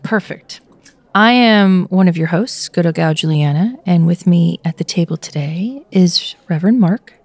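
A woman's voice: on the low side, moderate pace. A woman hosting a podcast in casual chat, playful and laughing often. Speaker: podcast host.

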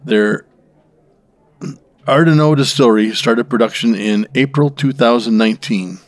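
A man co-hosting a drinks show, reading out a brand's history in a steady manner. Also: medium pitch, normal speed, no echo. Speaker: co-host presenting background. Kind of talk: read-aloud background segment.

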